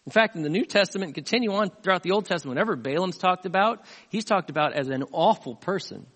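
A man pastor delivering a sermon, retelling a scripture story in an animated way, with asides to the congregation. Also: high voice, fast talker. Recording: long hall reverb.

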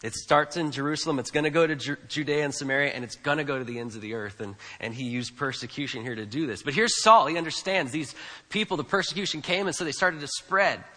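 A man's voice: on the high side, fast talker, sharp tone, long reverb tail. A man preaching a sermon, emphatic and repetitive, often asking the congregation questions. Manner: emphatic, repeats phrases, asks the congregation questions. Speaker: pastor.

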